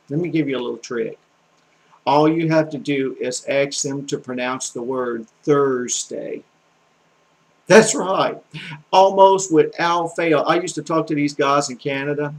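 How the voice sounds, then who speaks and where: Heard on a low-quality recording, a Southern-accented, middle-aged language tutor from the Southern United States rambles through a folksy lesson riddled with fillers and restarts. His fairly high voice carries vocal fry.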